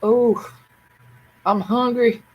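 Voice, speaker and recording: A woman's voice: on the high side, steady tone, very slow, slightly rough, lo-fi sound. A woman hosting a livestream, rambling casually to herself and her viewers in a chatty way. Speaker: livestream host.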